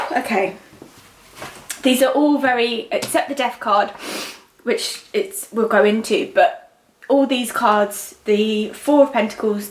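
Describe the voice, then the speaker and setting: A young woman giving a psychic tarot reading, emotional and halting, often trailing off and restarting. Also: medium pitch. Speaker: tarot reader. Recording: roomy echo.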